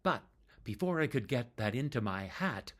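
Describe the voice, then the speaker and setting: A man telling a tribute story about a fellow performer, with slow pauses. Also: mid-range voice, sing-song.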